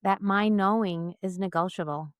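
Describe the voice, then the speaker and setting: A middle-aged woman co-hosting a podcast, speaking in a slow, measured, reflective way and leading a spoken closing prayer. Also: medium pitch, clear, resonant tone, no room sound, studio quality. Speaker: podcast co-host.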